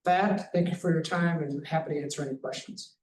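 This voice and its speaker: Speaking from afar in an echoey hall over a faint background hiss, a man with a slightly high voice offers public comment to a council as an advocacy director. His intonation stays fairly even, and his careful, measured delivery includes reading statute text aloud.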